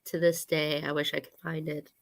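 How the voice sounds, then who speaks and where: A young woman co-hosting a casual livestream chat, hoarse and scratchy from an illness, telling self-deprecating stories. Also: deep voice, little pitch movement, moderate pace. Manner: chatty storyteller, self-deprecating. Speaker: co-host.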